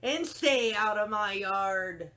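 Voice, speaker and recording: A woman voicing a grumpy, prickly male cactus who yells crabbily in a storybook read-aloud. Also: mid-range voice, slow, close to an everyday voice. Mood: yelling grumpily. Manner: yelling, crabby and curt.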